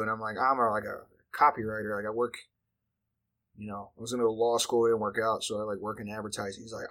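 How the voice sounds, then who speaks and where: A man's voice: fairly low pitch, level tone, fast talker, fairly bright tone. A man, telling a profane, rambling story in casual chat. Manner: profane, rambling, filler-heavy delivery.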